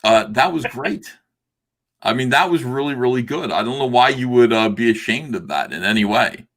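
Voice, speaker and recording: A man's voice: medium pitch, lively intonation, normal speed, fairly bright tone. A middle-aged man hosting a casual livestream chat, hesitant with many fillers and laughing often. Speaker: livestream host.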